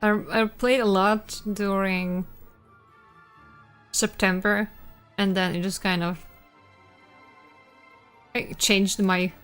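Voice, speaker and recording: Young woman streamer, unhurried, clear tone; casual chat with chat, halting, giggly. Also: mid-range voice, fairly even intonation, fairly bright tone, faint music behind. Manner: halting, full of restarts and fillers, giggly. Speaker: streamer chatting with viewers.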